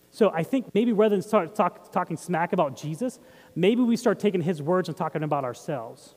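A man's voice: fairly high pitch, animated, a little fast, darkish tone, big-room sound. A man preaching a sermon as pastor, talking in a conversational way and putting questions to the congregation. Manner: conversational, asks the audience questions.

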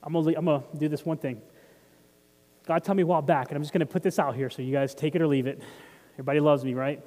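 Conversational preacher with a ringing hall. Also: male voice, fairly high pitch, fairly even intonation, rapid-fire, mellow. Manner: conversational, asks the audience questions. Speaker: pastor. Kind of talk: sermon.

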